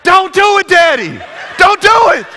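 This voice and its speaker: A man voicing his frightened young children, shouting and pleading in high voices. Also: huge pitch swings, measured pace, a little hiss or hum, full character voice. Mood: panicked pleading.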